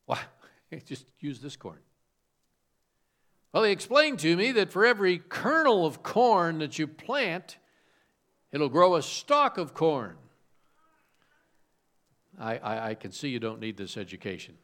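A man's voice: fairly high pitch, very animated, a little slow, pauses often, fairly bright tone. A man preaching a sermon, from suburban Chicago, asking rhetorical questions and telling homespun stories. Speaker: pastor.

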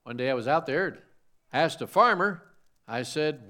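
Male preacher from the Chicago suburbs, animated storyteller with a lively, slightly high voice. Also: normal speed. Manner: animated preaching with rhetorical questions and homespun stories. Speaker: pastor. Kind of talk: sermon.

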